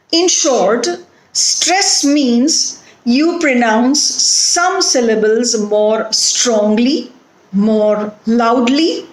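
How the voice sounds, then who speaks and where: A woman with an Indian English accent giving a phonetics lecture, speaking deliberately and repeating words to model their stress. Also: a little high, echoey room, low-quality recording.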